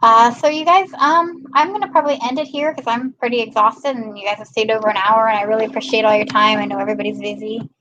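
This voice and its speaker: Young woman, from Maryland, livestream host, slightly high voice, chatty, laughs often, dull audio. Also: fairly even intonation, quick pace, hardly any pauses, sharp tone, slight background noise. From Maryland, USA. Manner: chatty, laughs often, reads viewer comments aloud. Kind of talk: casual livestream chat, reading comments.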